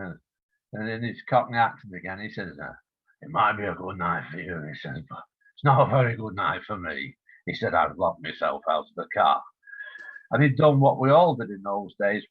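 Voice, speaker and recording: A man's voice: fairly low pitch, no room sound. A man in his seventies, a writer being interviewed, rambling through an anecdote and acting out the dialogue. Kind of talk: casual storytelling interview. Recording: tinny phone line.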